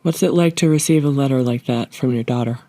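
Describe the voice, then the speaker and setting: A man's voice: medium pitch, fast talker, warm tone, no echo. A man hosting a podcast interview, asking questions and affirming his guest. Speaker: podcast host.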